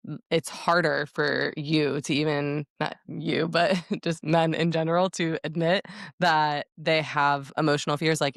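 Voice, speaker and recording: A woman's voice: low voice, dry recording, clean studio sound. A woman co-hosting a podcast, speaking in a thoughtful, reflective way with frequent fillers. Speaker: podcast co-host. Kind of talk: casual podcast conversation.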